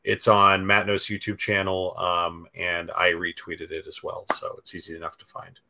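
A man chatting as a podcast guest, enthusiastic and excitable. His voice sits on the lower side but has a bright edge. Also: normal speed, creaky. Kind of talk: casual chat.

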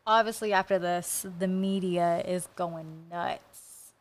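A woman co-hosting a casual true-crime podcast, blunt and quick to swear. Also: fairly low pitch, fairly even intonation. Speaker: podcast co-host.

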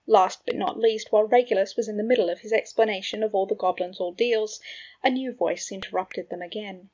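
Breathy woman reading a story. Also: mid-range voice, fairly quick, a little mellow. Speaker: narrator. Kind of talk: fan fiction audiobook reading. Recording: dull lo-fi recording.

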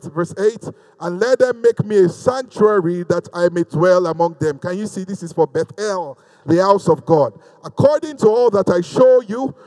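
High-voiced pastor preaching. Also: male voice, a little mellow, long reverb tail, low-quality recording. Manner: preaching with call-and-response and scripture reading. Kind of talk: sermon.

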